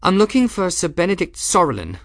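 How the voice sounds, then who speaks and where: A man voicing a weary, sharp-tongued young noblewoman in an audiobook, polite but exasperated. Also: sits high, wildly swooping pitch, a little fast, vocal fry, dry recording, clean studio sound, voice pushed up, full character voice.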